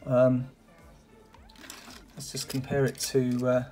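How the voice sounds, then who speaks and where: A man's voice: mid-range voice, completely flat delivery, takes it slowly, a little mellow, faint music behind. A man chatting casually and enthusiastically while unboxing and reviewing die-cast toy cars, with lots of "uh" and "um" and frequent exclamations. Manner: enthusiastic and exclamatory, with many fillers. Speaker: toy car collector reviewing a parcel.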